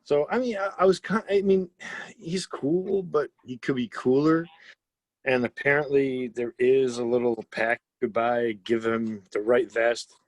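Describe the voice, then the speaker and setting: A man's voice: medium pitch, steady tone, unhurried, no room sound. A man in casual podcast chat, talking eagerly and rambling about his toy collection. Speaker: podcast co-host.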